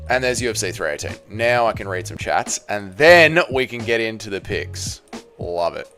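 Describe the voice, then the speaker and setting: A man's voice: on the low side, lively intonation, moderate pace, a bit bright, soft background music. A man hosting a casual livestream, reading viewer messages aloud with loose banter and muttering to himself while he works the computer. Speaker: livestream host.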